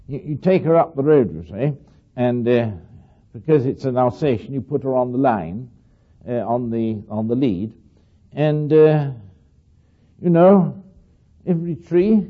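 A man's voice: medium pitch, narrow, tinny audio. An older man giving a rambling, anecdotal talk to an audience, often asking his listeners questions and acting out little voices. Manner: chatty, asks listeners questions, acts out voices.

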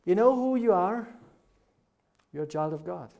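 A man's voice: high voice, unhurried, creaky. German-accented man preaching a sermon. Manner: earnest, builds to animated rhetorical questions.

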